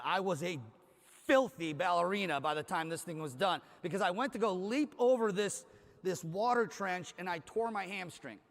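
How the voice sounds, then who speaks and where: This Cleveland, Ohio man's voice sits high and sounds fairly bright as he delivers a motivational keynote from a large conference stage. He tells a story with energy, performing the dialogue, and the stage PA leaves hall reverb on the recording.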